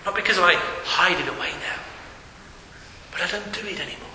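A man delivers a sermon in a bright, high voice. He preaches emphatically, repeats his phrases, and often drops to a hush. The echoey hall carries a faint hiss behind him. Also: brisk. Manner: emphatic, repeating phrases, dropping to hushed tones.

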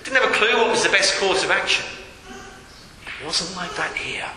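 A man's voice: high voice, animated, moderate pace, a crowd in the background. A man preaching a sermon, emphatic and repeating his key phrases, recorded in a church hall. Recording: echoey hall with long reverb, faint noise.

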